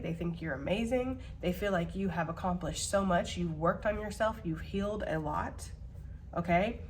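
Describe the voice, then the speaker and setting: A woman's voice: mid-range voice, a little hiss or hum. A woman giving a tarot reading to her viewers, earnest and reassuring, openly emotional and swearing casually. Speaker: tarot reader.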